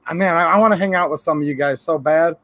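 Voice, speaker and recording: A man's voice: fairly high pitch, fast, a bit bright, dry recording. A man from Michigan hosting a casual livestream, greeting viewers by name and giving his opinions in a friendly way. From Michigan, USA. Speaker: YouTube channel host. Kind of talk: casual livestream chat reading viewer comments.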